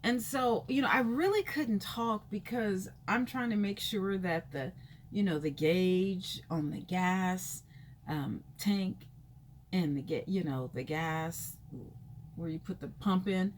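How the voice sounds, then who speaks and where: A woman vlogger telling a personal story in a casual, rambling way, full of fillers, her pitch leaping when she acts out reactions. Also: takes it slowly, slight background noise. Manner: chatty and rambling, full of "you know" fillers; animated, jumps high in pitch when acting out reactions.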